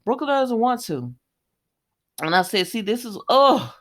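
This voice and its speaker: A woman's voice: on the high side, big pitch swings, a little slow, a bit bright. A woman, casually recapping a soap opera episode, chatty, laughing often and slipping into voices for the characters.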